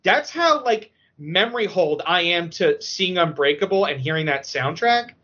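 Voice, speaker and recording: A man chatting on a podcast, an emotional, excitable storyteller who talks with many fillers. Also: high voice, moderate pace. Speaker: podcast guest. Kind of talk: casual podcast chat. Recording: dull lo-fi audio.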